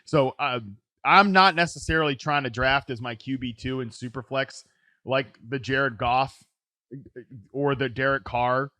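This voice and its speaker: A man hosting a casual sports podcast, talking in quick bursts with frequent restarts and "right?" tags. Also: mid-range voice, fairly even intonation, pushed and bright, no echo. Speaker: podcast host. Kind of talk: casual fantasy football chat.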